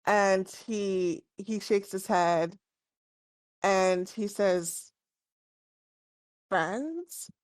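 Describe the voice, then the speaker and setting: A woman's voice: mid-range voice, drawn-out words, smooth, dry recording, studio quality. A woman narrating as game master in a casual tabletop session, talking loosely with frequent filler words. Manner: casual, relaxed, many fillers.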